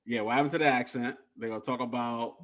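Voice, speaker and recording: A laid-back male podcast co-host with an ordinary male pitch chats casually at a quick pace. He talks loosely, hunting for words, losing his train of thought, and trailing off softly.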